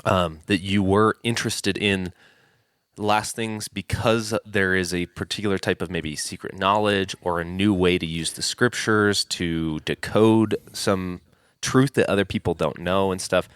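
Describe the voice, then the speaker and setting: A man with a low, resonant voice co-hosts a talk podcast. He asks long questions in a hesitant, rambling way, and the recording is dry and close. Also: steady tone, measured pace, a bit bright, smooth, no echo. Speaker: podcast co-host. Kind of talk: casual discussion.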